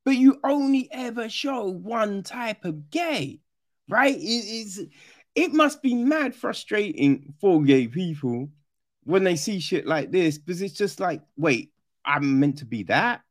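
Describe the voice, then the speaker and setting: A man talks through a film in a loose, profane review. His pitch swings widely and he takes his time. He often slips into mimicking characters. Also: a little slow. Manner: animated, swears often, mimics characters in a high voice. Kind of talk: casual film review monologue.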